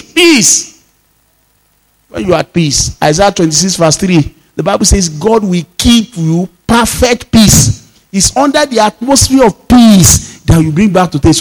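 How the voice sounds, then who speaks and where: A male pastor, preaching a sermon emphatically, repeating phrases and acting out little dialogues. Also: very high-pitched.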